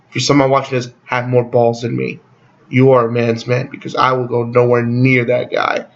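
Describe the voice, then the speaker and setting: A man's voice: mid-range voice, a bit bright. Blunt, rambling man on a dull, lo-fi mic. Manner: rambling, blunt and profane, with sarcastic asides. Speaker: YouTube channel host. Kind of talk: casual opinion vlog.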